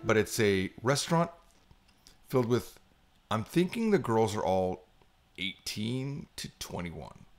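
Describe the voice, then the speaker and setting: A middle-aged man co-hosting a podcast, telling an animated story in casual chat and mimicking high voices when he quotes people. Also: slow, long pauses. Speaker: podcast co-host.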